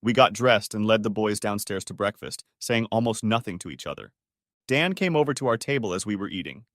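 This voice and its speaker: A man reads a first-person story aloud in a bitter, restrained way. His voice sits low but moves freely in pitch. The sound is dry and close to the mic. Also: lively intonation, a little fast, dry recording. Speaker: audiobook narrator.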